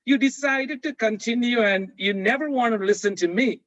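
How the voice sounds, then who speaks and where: A man reading a patient, lecturing God: high, emphatic, fatherly. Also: normal speed, a bit bright, no echo, muffled recording. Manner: patient, explaining, rising to emphasis.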